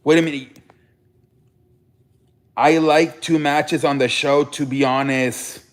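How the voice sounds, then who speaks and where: A young man talks through a casual live stream, rambling and tripping over his restarts as he answers chat. His voice sits a bit high for a man, and the room around him rings with echo. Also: steady tone, takes it slowly. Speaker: live show host. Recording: echoey room.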